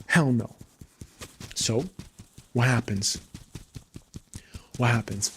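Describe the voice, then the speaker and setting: A man talking unscripted on his livestream, venting heatedly and swearing often. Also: medium pitch.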